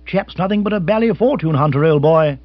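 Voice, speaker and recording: A man reading an audiobook, voicing blustering old clubmen who talk in a loud, pompous, scornful way. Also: on the high side, lively intonation, a little fast, no echo, dull audio, natural voice.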